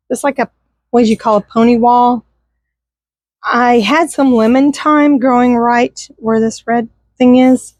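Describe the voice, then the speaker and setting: Middle-aged woman from Texas, fairly high voice, dry outdoor sound, rambling and wistful vlog chat. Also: a little mellow, dry recording. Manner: rambling, wistful, chatty with viewers. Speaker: vlogger. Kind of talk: casual garden tour vlog. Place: outdoors in a yard by a busy street. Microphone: handheld camera.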